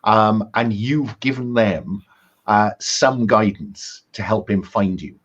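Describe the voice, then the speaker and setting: A man's voice: on the low side, slow, a bit bright, muffled recording. A man running a tabletop horror game as game master, talking with many ums and restarts.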